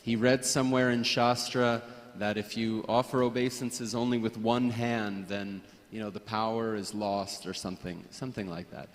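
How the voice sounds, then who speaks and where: A man's voice: lowish voice, steady tone, normal speed, hardly any pauses. Hesitant man reminiscing in a reverberant hall. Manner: hesitant, with frequent restarts and soft laughs. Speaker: speaker at a memorial gathering. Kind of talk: personal reminiscence.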